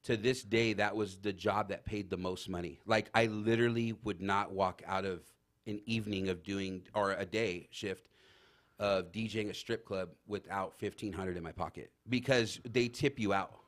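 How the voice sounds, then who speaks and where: Man, fairly low voice, casual storyteller, rambling, lots of fillers. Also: moderate pace. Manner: rambling, animated anecdotes with many fillers. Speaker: guest. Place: talk show studio.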